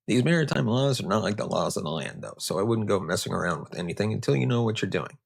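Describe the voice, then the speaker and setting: A man's voice: fairly low pitch, very animated, fast, creaky, few pauses, husky. A man hosting a history show, narrating with joking, conversational asides. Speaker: host.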